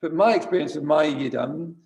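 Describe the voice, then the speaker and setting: A man's voice: fairly high pitch, fairly quick, darkish tone. A man giving an informal dharma talk as a Buddhist teacher, conversational and wry, often correcting himself mid-sentence. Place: retreat centre shrine room.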